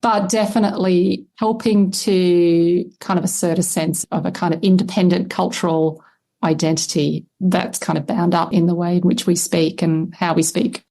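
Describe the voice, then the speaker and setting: A woman, a historian answering interview questions in a measured, explanatory way. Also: fairly low pitch, little pitch movement, warm tone. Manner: measured, explanatory, laughs lightly now and then. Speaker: historian and lexicographer guest.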